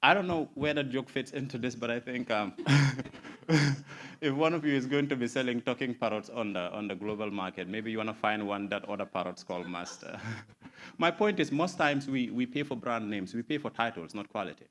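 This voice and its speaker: A young Gambian man performing spoken word poetry at a conference breakfast. His voice sits at a middle pitch, and his delivery builds from easy, nervous chat into a measured, rising declamation. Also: a bit bright. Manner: chatty and nervous in the intro, building to a declaiming rhythm in the poem. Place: conference room at a breakfast meeting.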